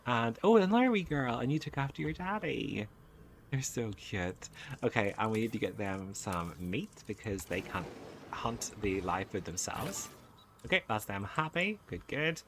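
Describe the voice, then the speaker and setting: Excitable man coos over gameplay. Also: medium pitch, moderate pace, slight background noise. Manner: excitable, cooing at baby creatures. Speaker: gaming channel host. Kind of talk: let's play commentary. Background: game music.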